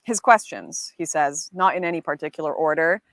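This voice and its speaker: A woman narrating a documentary about her own experiences, telling events in a measured way. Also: low voice, fairly bright tone, no echo. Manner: measured storytelling, voices others' words in quotes.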